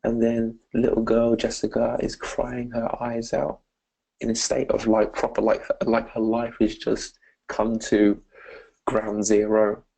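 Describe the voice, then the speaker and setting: Gravelly British man telling his story. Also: medium pitch, measured pace, rough recording. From Britain. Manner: earnest, animated storytelling that often addresses listeners as "guys". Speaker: motivational speaker. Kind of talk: personal story told to camera.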